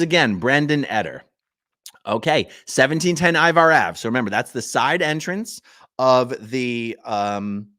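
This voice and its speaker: Reading legal papers for his channel's audience, this male host breaks off for conversational asides to viewers. The studio-quality recording is echo-free, and his mid-range voice sounds a bit bright.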